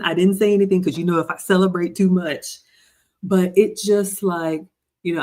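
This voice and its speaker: A woman's voice: sits low, darkish tone. A woman in her forties hosting a livestream, reading viewer comments aloud and riffing on them in casual chat. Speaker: livestream host.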